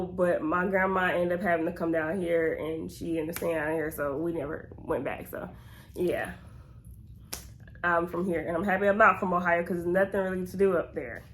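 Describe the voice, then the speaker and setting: A young woman from Georgia with a Southern accent, chatting through a get-to-know-me Q&A in a rambling, easygoing way. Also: medium pitch. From Georgia, USA. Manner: chatty and rambling, drifts off on tangents. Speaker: YouTuber. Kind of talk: casual Q&A vlog.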